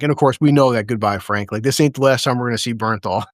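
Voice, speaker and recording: A man hosting a casual review chat, excitable and profane, often acting out lines from scenes. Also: medium pitch, fast talker, few pauses, no echo, studio quality. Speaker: podcast host.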